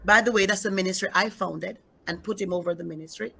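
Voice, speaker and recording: Gravelly, husky woman pastor giving testimony. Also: medium pitch, steady tone, quick pace, sharp tone. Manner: emphatic, repeats key phrases, speaks straight to the audience. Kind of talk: emotional personal testimony in an interview.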